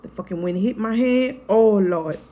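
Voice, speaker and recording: Woman host, casual storytime, mid-pitched voice, vivid and blunt, swears freely, talks to her viewers like friends. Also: moderate pace, dark tone, dull audio. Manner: chatty, frank and profane, keeps calling to viewers as "y'all" and "girl"; re-enacts scenes vividly in the retelling. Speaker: family vlogger, mother.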